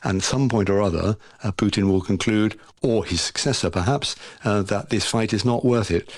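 An older man, a former diplomat, giving measured, analytical answers in a radio interview, pausing often with "uh" and "um". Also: on the low side. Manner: deliberate, with frequent "uh" and "um" pauses.

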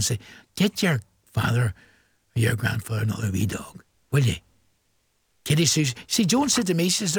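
Older Northern Irish male radio presenter, gravelly, husky, chatty and teasing, dry close sound. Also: a little high, dry recording. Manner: chatty, teasing, laughs often. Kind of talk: casual radio shout-outs.

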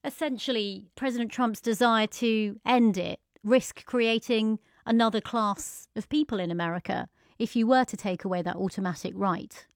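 A woman's voice: fairly high pitch, moderate pace, dry recording, studio quality. A woman presenting a news program, putting probing questions to a guest and reading the news.

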